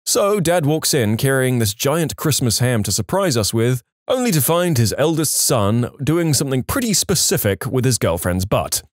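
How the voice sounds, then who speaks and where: A man narrating reddit stories in a scripted read, briskly and with timed punchlines. His pitch moves in an animated way, and the recording is close and dry with no room sound. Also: dry recording. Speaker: story narrator.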